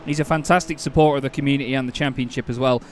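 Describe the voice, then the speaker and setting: A man with a Northern English accent doing excitable, jokey live sim racing commentary, quick to laugh and exclaim. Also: medium pitch, a little hiss or hum.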